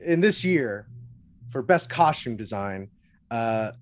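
A man's voice: mid-range voice, lively intonation, slow pace. A man co-hosting a casual movie podcast, loose and joking, with frequent swearing. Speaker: podcast co-host. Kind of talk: casual chat.

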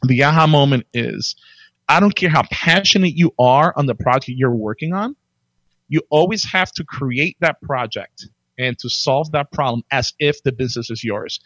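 A man chatting casually as a podcast guest, telling his career story with lots of restarts and animated jumps when he quotes himself. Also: medium pitch, normal speed, dry recording, dull audio.

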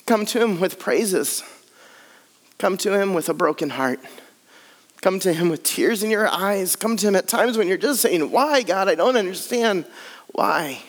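A man's voice: high-pitched, animated, normal speed, long reverb tail. A man preaching a sermon earnestly, building his points in repeated lists. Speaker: pastor.

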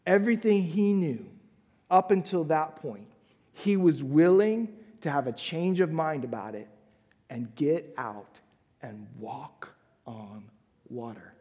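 A man preaching a sermon, swinging between loud emphatic lines and hushed, whispered asides. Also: a little high, expressive, slow, big-room sound. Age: adult father of a young son. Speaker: pastor.

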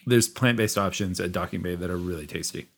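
A man's voice: low-pitched, brisk, gravelly, fairly bright tone. A man co-hosting a podcast, sharing enthusiastic, rambling opinions in casual chat. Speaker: podcast co-host.

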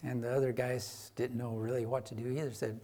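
A man preaching a sermon, retelling a Bible story in a conversational way. He gets louder for emphasis and then drops soft and quiet. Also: medium pitch, flat delivery, brisk, slight background noise.

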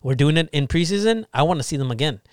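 A man co-hosting a casual podcast, lively and teasing as he explains and jokes. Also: fairly high pitch, fast talker, smooth, dry recording, clean studio sound. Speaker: podcast co-host. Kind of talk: casual chat.

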